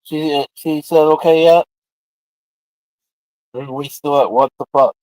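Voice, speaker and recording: A man's voice: mid-range voice, steady tone, brisk, dry recording, low-quality recording. A man hosting a livestream, telling rambling, crude, joking stories in casual chat. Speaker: livestream host.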